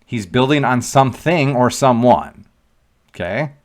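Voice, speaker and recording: A man's voice: mid-range voice, lively intonation, measured pace. Emphatic man discussing scripture. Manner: conversational, emphatic, rhetorical questions. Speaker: Catholic commentator. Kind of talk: casual commentary on scripture.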